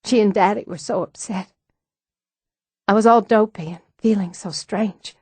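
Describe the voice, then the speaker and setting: Tearful, fragile young woman read by a woman, halting confession, audiobook. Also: mid-range voice, fairly even intonation, darkish tone, slightly rough, no room sound. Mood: distraught. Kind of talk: audiobook dialogue.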